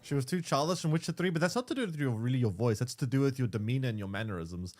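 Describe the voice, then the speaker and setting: A young man chats casually while streaming a game, often stammering, starting over and repeating words. His mid-range voice has a darkish tone, and he sounds animated and races along.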